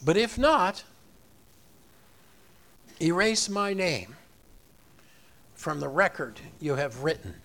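A man preaching a sermon in an animated way, acting out the voices of the people in the story. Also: on the high side, slow pace, gravelly, long pauses. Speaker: pastor.

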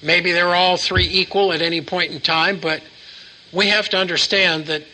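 A man's voice: sits high, steady tone, normal speed, pushed and bright, slight background noise, rough recording. A man preaching a sermon to a live congregation, asking questions and having them repeat lines back to him.

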